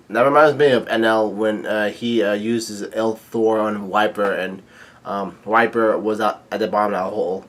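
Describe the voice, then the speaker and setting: A man casually narrating a comic read-along, halting with many fillers. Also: lowish voice, steady tone. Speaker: channel host reading a comic aloud.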